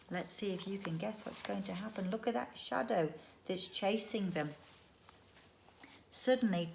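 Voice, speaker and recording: Woman, unhurried children's storyteller, bright expressive reading. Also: fairly high pitch. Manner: lively, expressive reading with voiced characters. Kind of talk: reading a children's book aloud. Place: home. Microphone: phone or webcam.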